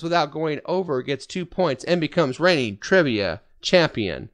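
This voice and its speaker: A man hosting a casual fan podcast, running a trivia game and telling stories with quick laughs. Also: on the high side. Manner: animated storyteller, quick laughs. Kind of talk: casual group chat.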